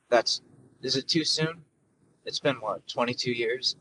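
A young man in his twenties talking on his own in a loose, profane, jokey ramble full of fillers. His voice is mid-pitched and sits a little far from the mic, with a faint hiss of background noise. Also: measured pace, bright, forceful tone. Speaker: podcast host. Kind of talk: casual solo monologue.

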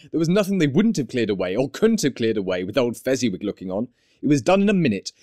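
Expressive male audiobook narrator. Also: medium pitch, fast, dry recording, studio quality. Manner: animated, expressive storytelling. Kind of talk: scripted narration.

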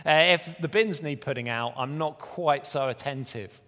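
A man's voice: fairly high pitch, moderate pace, fairly bright tone, in a large hall. A man preaching a sermon, telling the story in an earnest, conversational way with self-deprecating asides.

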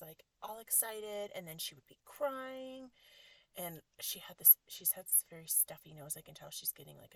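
A woman in her thirties hosts a podcast and tells a personal story in a loose, rambling way, full of "like" and animated asides. Her voice sits a little low for a woman. The sound is dry and close, with no room echo. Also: vocal fry. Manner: rambling, heavy use of "like", animated retelling. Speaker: podcast host and energy healer. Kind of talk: casual storytelling monologue.

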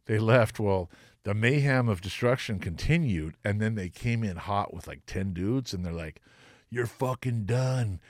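A middle-aged man, a guest musician, telling profane, animated stories and acting out the voices of the people in them. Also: lowish voice, normal speed, dry recording, studio quality. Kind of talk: casual storytelling.

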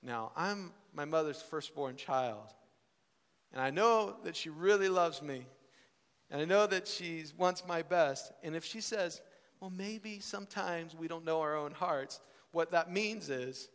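A man, a worship leader, telling a personal story with animated, laughing delivery and acting out family members. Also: on the high side, measured pace. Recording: reverberant hall.

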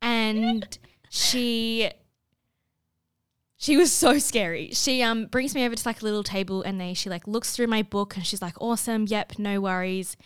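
A young Australian woman telling a story in a chatty, animated way, full of fillers. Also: a little high, measured pace, clear, resonant tone, dry recording, studio quality. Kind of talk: casual storytelling chat.

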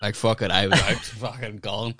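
A man with a fairly low voice spins a rambling, profane story on a podcast. His sound is dry and close, coming through a video call with no room around it. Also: level tone, normal speed, pushed and bright, no echo. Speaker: comedian and podcast co-host. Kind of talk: casual podcast chat.

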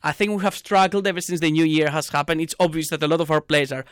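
Excitable man ranting about football, dry close sound. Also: fairly high pitch, quick pace, smooth, no echo. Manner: excitable, ranting, bursts into loud exasperated outbursts. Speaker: podcast co-host, football fan. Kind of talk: casual chat.

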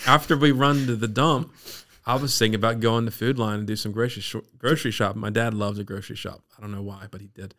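A man from Maryland's Eastern Shore, a podcast guest telling his personal faith story in a lively, animated way. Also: lowish voice, fast talker, hardly any pauses. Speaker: guest sharing his testimony.

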